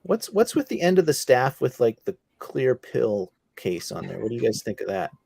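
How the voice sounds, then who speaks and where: A man's voice: mid-range voice, big pitch swings, creaky, mellow, husky, no room sound, studio quality. Man hosting a casual video-call chat. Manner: leads the talk with quick questions.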